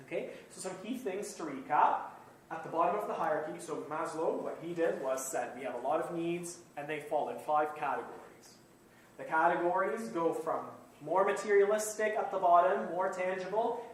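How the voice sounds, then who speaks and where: A man's voice: fairly high pitch, normal speed. Guy teaching a class, far from the mic, super echoey room, keeps saying okay? and right?. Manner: explanatory, checks in often with "okay?" and "right?"; repeats and rephrases points while thinking aloud. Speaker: university lecturer. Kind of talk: live classroom lecture. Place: classroom with students present. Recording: very echoey room, distant mic, faint room noise.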